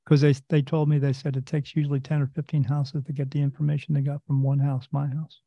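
A man's voice: fairly high pitch, flat delivery, quick pace, no room sound. A man, a host and medium, telling a casual story in a rambling way and acting out what others said. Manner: rambling, acts out quoted voices. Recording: dull, dry lo-fi recording.

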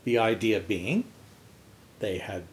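A man's voice: on the low side, slow. A man co-hosting a podcast, telling a restaurant story in casual chat. He swears freely and acts out the quotes. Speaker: podcast co-host.

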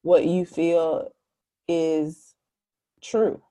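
A woman with a slightly low-pitched voice hosts a casual conversation. She is warm and affirming toward her guest. She becomes animated when she acts out quotes from other people. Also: extremely slow. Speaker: podcast host.

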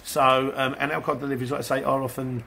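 A man's voice: mid-range voice, level tone, fast talker, creaky, bright, forceful tone, slight background noise. A man, a van delivery driver, chatting casually to viewers in a rambling way and acting out exchanges with customers. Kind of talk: casual vlog answering viewers.

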